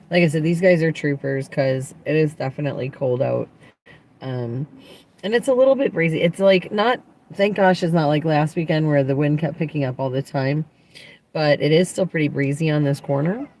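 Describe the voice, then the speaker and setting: A woman's voice: sits low, a little mellow. Chatty woman livestreaming from a car. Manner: chatty, rambling, upbeat. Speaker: livestream host. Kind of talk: casual livestream chat. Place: in a parked car. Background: passing traffic.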